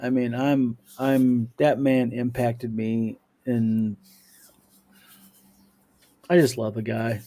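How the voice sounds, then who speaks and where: A man's voice: medium pitch, level tone, slow pace, pauses often, warm tone. Rambling man reading viewer mail. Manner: rambling, many fillers, chuckles while telling stories. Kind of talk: casual panel chat.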